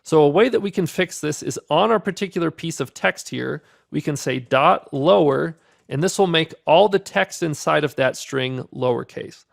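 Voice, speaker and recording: A man teaching a beginner programming course, talking through his code step by step in a relaxed, upbeat way. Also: fairly high pitch, moderate pace, creaky. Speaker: programming instructor. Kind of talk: screen-recorded coding tutorial.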